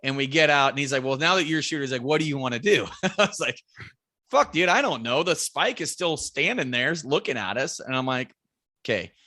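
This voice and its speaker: A young man, a guest on a podcast, tells a long story with loose, animated energy, jumping into the voices of himself and his buddy and cursing freely. His voice has a bright, sharp edge to it. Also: medium pitch, a little fast. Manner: animated storyteller acting out quotes, swears freely.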